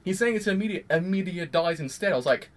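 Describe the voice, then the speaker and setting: Excitable young-sounding man reviewing anime. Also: sits high, quick pace. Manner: excitable, exclamatory, rambling with many restarts. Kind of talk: casual anime episode review.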